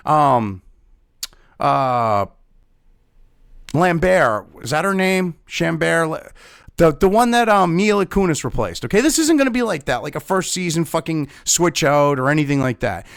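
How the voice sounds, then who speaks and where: A man's voice: high-pitched, smooth, no room sound, clean studio sound. A man ranting angrily in a profane commentary video, talking as host.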